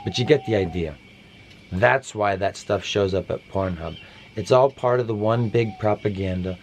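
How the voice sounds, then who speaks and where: A man's voice: fairly low pitch, moderate pace, slight background noise. A man hosting a parody podcast, rambling through a satirical monologue with offhand, mock-conspiratorial asides.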